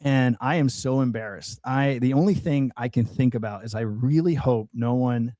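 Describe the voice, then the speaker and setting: A man sharing a personal testimony as a podcast guest, his voice mellow and unhurried. He talks earnestly, doubling back and restarting as he goes. The close microphone leaves the sound dry, with no room around it. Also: medium pitch, dry recording. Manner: earnest storytelling with many restarts and fillers.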